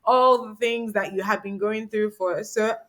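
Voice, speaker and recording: A woman hosting a podcast, chatting casually with a guest in a warm, affirming way and laughing easily. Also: medium pitch, fairly even intonation, measured pace, slight background noise. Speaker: podcast host.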